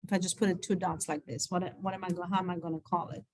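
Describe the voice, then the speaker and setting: A woman's voice: fairly low pitch, flat delivery, fast talker, no echo. A woman from Israel teaching an online Hebrew class over a video call, patiently repeating letter sounds with chatty asides.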